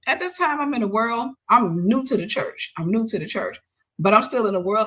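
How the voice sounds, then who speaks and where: A woman host telling a personal story in a casual, animated way, switching into other people's voices when she quotes them and sometimes dropping to a soft near-whisper. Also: fairly high pitch, fairly quick.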